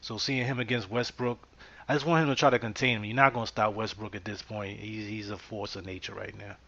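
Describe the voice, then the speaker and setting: A man's voice: fairly low pitch, steady tone, a little fast, creaky, bright, forceful tone. A man hosting a podcast in a casual, easygoing way, with many fillers. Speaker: podcast host. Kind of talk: casual sports talk. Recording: muffled lo-fi podcast audio.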